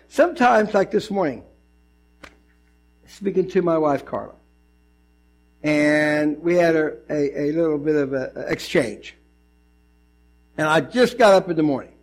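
A man preaching a sermon as pastor, animated and conversational, with lots of asides and restarts. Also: sits high, unhurried, vocal fry, slightly rough, rough recording.

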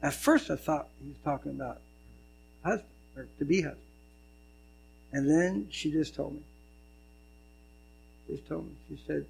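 A man preaching a sermon, telling a story and swinging between loud and hushed delivery. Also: on the high side, normal speed, gravelly, long pauses, slightly rough, poor audio. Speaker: pastor.

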